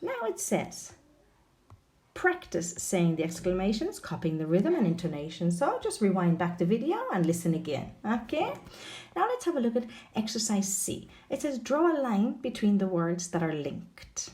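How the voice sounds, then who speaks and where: A woman teaching an online English lesson, asking the viewer questions in an expressive way. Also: mid-range voice, normal speed.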